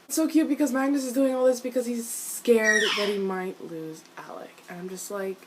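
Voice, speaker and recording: Excitable, foul-mouthed woman ranting over noise. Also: a little high, moderate pace, few pauses. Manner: excitable, swears often, shifts into exasperated rants. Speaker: video reviewer. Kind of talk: casual TV episode reaction.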